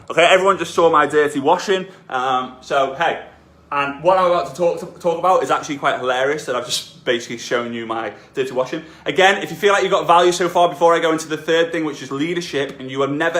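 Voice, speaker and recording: A man's voice: on the high side, a bit bright. Chatty man, echoey room. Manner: chatty, self-deprecating, repeats himself. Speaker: network marketing coach. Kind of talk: casual live stream talk. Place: room at home.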